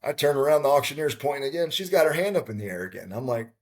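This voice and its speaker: A man chatting as a podcast guest, telling a lively story with acted-out quotes. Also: medium pitch, fast talker, few pauses. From Texas. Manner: animated storyteller, acts out quotes. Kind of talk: casual storytelling chat.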